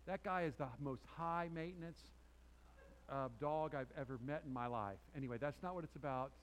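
A man preaches to his congregation in a fairly high voice. He swings between loud, emphatic peaks and quiet, intense lines, and tells a personal story with restarts and asides. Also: moderate pace, low-quality recording. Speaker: pastor. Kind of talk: sermon. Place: church sanctuary before a congregation.

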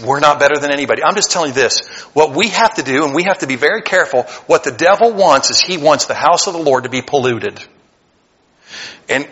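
Animated male preacher in a reverberant hall. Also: fairly high pitch. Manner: animated preaching, swings from loud to hushed. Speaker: pastor. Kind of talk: sermon.

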